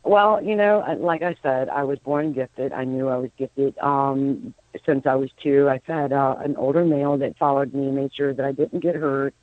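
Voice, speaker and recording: A woman in her fifties, appearing as a psychic medium guest on a radio phone-in, tells rambling stories and keeps restarting her sentences. Her bass voice holds a steady tone at a moderate pace. She's on a telephone, so the line sounds tinny, with no room sound.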